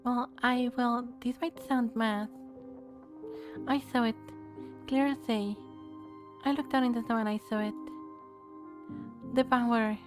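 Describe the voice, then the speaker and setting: A woman's voice: a little high, steady tone, measured pace, pauses often, music in the background, natural voice. A woman voicing a frantic, wide-eyed male expedition crewman who talks in breathless, urgent bursts.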